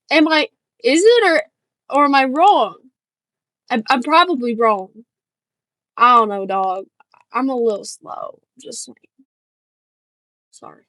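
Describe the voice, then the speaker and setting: A woman's voice: sits high, a bit bright, no room sound, low-quality recording. A woman from the northern United States, streaming casual reaction commentary, rambling and self-deprecating with lots of fillers and trailing asides.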